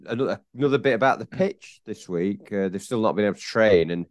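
A man's voice: fairly low pitch, fast talker, dry recording, studio quality. A man co-hosting a podcast, telling jokey rambling stories in casual chat. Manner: rambling, jokey storytelling with fillers. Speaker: podcast co-host.

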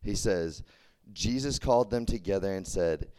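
A man's voice: low-pitched, normal speed, mellow. A young man from Texas, preaching a casual youth sermon, chatty and full of "like" and restarts. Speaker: campus ministry preacher.

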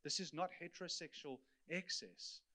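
A man's voice: a little high, moderate pace, pushed and bright. A man delivers an earnest teaching sermon in a slightly raised voice, explaining passages point by point. He speaks straight to his listeners and checks that they are following along. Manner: earnest, explanatory, addresses congregation directly. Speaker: preacher.

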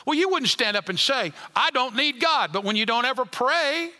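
A male preacher with a high, very bright, piercing voice delivers a sermon in a church. He swings from loud, emphatic passages down to soft, near-whispered line endings. The sound carries a long reverb from the sanctuary. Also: expressive, moderate pace. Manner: dynamic preaching, rising loud then dropping to near whisper.

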